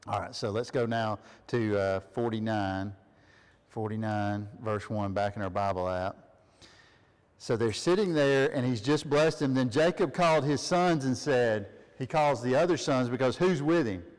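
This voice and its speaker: A man leads a family Bible study, reading scripture aloud, then asking his listeners questions and laughing often. His medium-pitched voice is unhurried, trailed by a long reverb.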